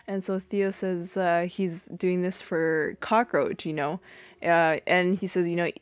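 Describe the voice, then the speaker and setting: A young woman hosts a podcast and chats her way through an episode recap in a loose, wandering style. Her voice sits a touch low. The recording is close and dry, with no room sound. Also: steady tone, measured pace, no echo. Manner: chatty and rambling, full of fillers and asides. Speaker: podcast host.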